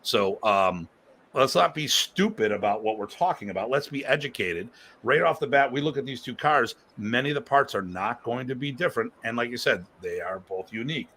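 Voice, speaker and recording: A man's voice: medium pitch, lively intonation, brisk, sharp tone, slight background noise. A man hosting a casual live-stream discussion as a martial arts instructor, rambling and emphatic, prone to launching into rants.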